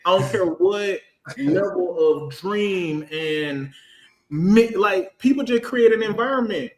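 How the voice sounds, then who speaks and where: A man in his thirties, a finance professional on a casual panel, talking in an animated, storytelling way. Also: high-pitched, takes it slowly, roomy sound. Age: 30s. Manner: animated, storytelling, acts out quotes.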